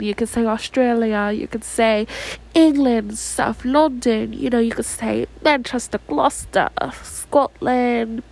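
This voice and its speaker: A young woman with an American accent hosts her own podcast in a casual, rambling way. Her voice sits a little high, and she keeps dropping "like" between her thoughts. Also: gravelly, darkish tone, low-quality recording. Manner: rambling, chatty, heavy use of "like". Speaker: podcast host. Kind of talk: casual solo podcast chat.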